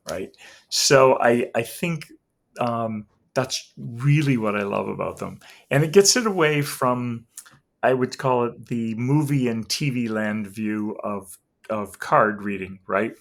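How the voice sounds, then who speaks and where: A middle-aged man talking as the guest in a relaxed interview. He is an animated storyteller and slips in and out of the voices of the people he quotes. His pitch climbs high when he mimics someone. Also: a little slow. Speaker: guest, tarot reader. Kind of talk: casual interview talk, anecdotes.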